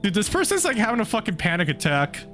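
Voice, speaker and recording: A man streaming a game live, talking casually and excitably and swearing freely. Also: high-pitched, fast, faint music behind.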